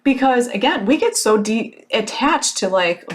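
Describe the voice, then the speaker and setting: A woman in her thirties hosting a podcast, telling a personal story in a casual motivational monologue, animated and frank, with plenty of fillers and the odd swear word. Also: on the high side, a little slow. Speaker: podcast host.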